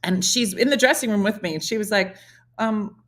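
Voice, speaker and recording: A middle-aged woman hosting a comedy morning show, telling funny stories and acting out the dialogue with big jumps in her voice. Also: brisk. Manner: animated, acts out dialogue with big pitch jumps. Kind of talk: comedic storytelling chat.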